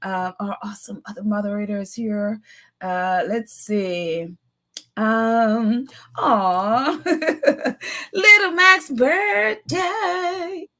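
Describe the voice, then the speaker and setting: A woman's voice: fairly high pitch, fairly even intonation, extremely slow, pushed and bright. A woman hosting a live call-in chat, reading viewer comments and giving her opinions, laughing often. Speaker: host.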